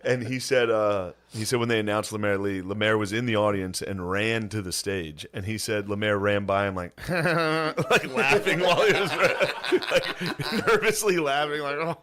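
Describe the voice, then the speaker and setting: A man's voice: medium pitch, a little slow, few pauses, noisy background. A man co-hosting a podcast, teasing and laughing in loose, profane casual chat. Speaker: podcast co-host.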